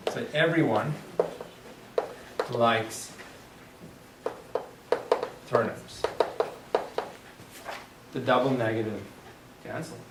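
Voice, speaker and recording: A man lectures a classroom at an unhurried pace, stopping to ask his students questions as he works through ideas. He is picked up from a distance in an echoey room, with clear noise behind him. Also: medium pitch. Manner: thinks aloud, poses questions to the class. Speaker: teacher.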